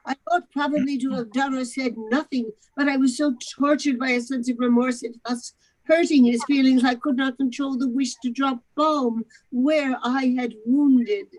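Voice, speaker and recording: A woman narrating a novel aloud, expressive, with occasional stumbles over the words. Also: sits high, unhurried, poor audio. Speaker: narrator in a charity readathon.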